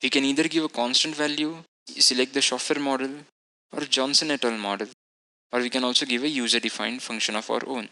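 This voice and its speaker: A man with a very bright, forceful tone walks through a technical lecture step by step. His delivery is methodical and explanatory, and he stops now and then to fix a word. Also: medium pitch, steady tone, brisk, low-quality recording. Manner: methodical, explanatory, self-correcting. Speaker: instructor.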